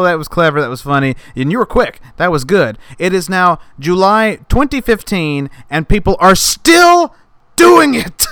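Bright, lively exasperated man ranting. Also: high voice, clear, resonant tone, dry recording. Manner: exasperated, mock-angry, builds to outbursts. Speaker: podcast host. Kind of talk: ranting comedic monologue.

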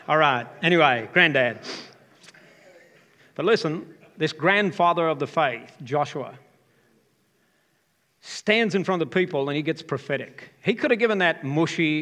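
Animated male pastor preaching in a reverberant hall. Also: a little high, moderate pace, long pauses. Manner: animated, joking with the congregation. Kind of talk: sermon. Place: church hall.

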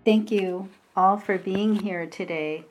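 A woman meditation teacher giving a Dharma talk, speaking slowly and hesitantly with pauses and fillers, reading a passage aloud. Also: medium pitch, steady tone, a little mellow, soft background music.

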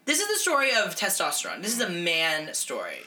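A woman's voice: lowish voice, fairly quick. A woman from Northern California co-hosting a podcast in casual, sarcastic chat, often acting out what others said. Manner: sarcastic, animated, acts out quotes. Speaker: podcast co-host.

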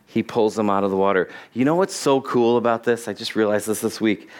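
Animated preaching man. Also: medium pitch. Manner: animated, acts out Bible characters' lines. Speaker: pastor. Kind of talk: sermon. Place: church. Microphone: body-worn mic with cable.

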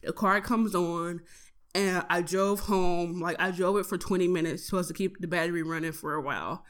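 A young woman, a college student, tells a profane story about her day in a casual audio diary, animated and laughing as she goes. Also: lowish voice, moderate pace. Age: young adult.

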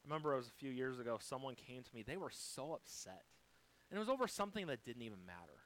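A man preaching a sermon to his church. He moves from near-shouted emphasis down to hushed, gentle lines, and quotes scripture in a slow, deliberate voice. His pitch sits in an ordinary middle range. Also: expressive, poor audio. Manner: dynamic preaching, swinging from loud to soft, quoting scripture. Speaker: pastor.

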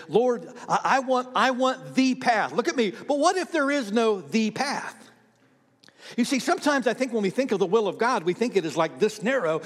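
A man preaching with a high voice that climbs and drops as he builds each point. His words trail off into a long reverb, as if he stands in a large sanctuary. He talks straight to the people in front of him and keeps checking that they follow. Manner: animated preaching, rising and falling, with asides to the congregation. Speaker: pastor. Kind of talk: sermon.

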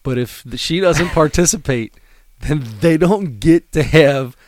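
Animated man with a dry close sound. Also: a little high, unhurried, dry recording. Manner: animated, laughing, emphatic storyteller. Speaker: podcast co-host. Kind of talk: casual chat reviewing comedy specials.

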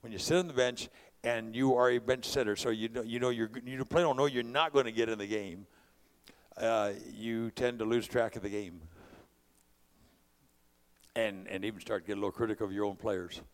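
A man's voice: on the low side, fairly even intonation, moderate pace. A man from California preaching a sermon, mixing conversational storytelling with impassioned calls to his congregation. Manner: preaching with rising bursts of volume.

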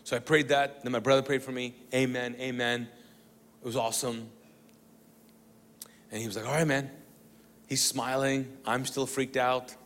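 A man telling a personal testimony to an audience, animated and comic as he acts out the dialogue. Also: medium pitch, moderate pace, pauses often, long reverb tail. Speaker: speaker sharing a testimony.

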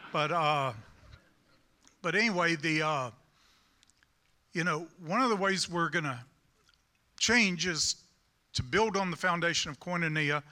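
A man's voice: on the high side, sharp tone. A man with a Southern US accent preaching a sermon in a folksy, rambling way, with self-deprecating humor.

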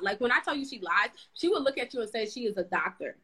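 A woman's voice: fairly high pitch, very animated, quick pace, hardly any pauses, pushed and bright, breathy edge, low-quality recording. A young woman telling a story in casual chat, acting out the people she quotes.

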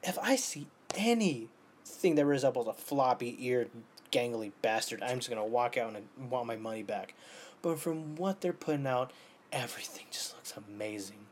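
A man in his twenties talking casually in an animated way, swearing often and swinging between loud outbursts and near-whispers. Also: medium pitch, moderate pace, slight background noise. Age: 20s. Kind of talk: casual monologue.

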